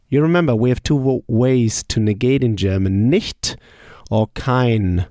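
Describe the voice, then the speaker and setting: Slow, careful language teacher man. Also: medium pitch, dark tone, dry recording, studio quality. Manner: asks a question, pauses, then says the answer slowly. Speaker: German teacher. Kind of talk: slow drill lesson.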